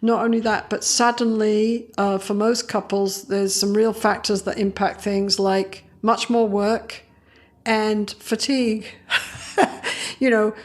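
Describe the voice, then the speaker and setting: A woman psychologist speaking as an interview guest, telling stories in a lively way, acting out other people's voices and laughing often. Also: mid-range voice, takes it slowly. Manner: animated, acts out quoted voices, laughs often. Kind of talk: conversational interview storytelling.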